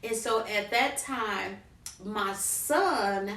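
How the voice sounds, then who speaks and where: A middle-aged woman vlogger, an animated storyteller speaking straight to her viewers. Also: mid-range voice, extremely slow. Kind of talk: personal story time. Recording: roomy, from a distance.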